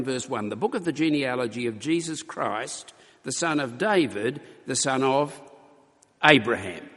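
Earnest male preacher in a reverberant church. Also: mid-range voice. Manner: earnest, emphatic, with pauses and restarts. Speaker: pastor. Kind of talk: sermon. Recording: long hall reverb.

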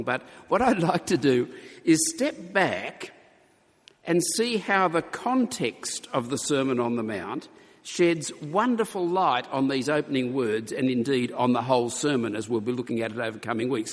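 Man preaching a sermon, lively up and down voice, long echo in a church hall. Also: medium pitch. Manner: earnest, emphatic, with pauses and restarts. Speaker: pastor.

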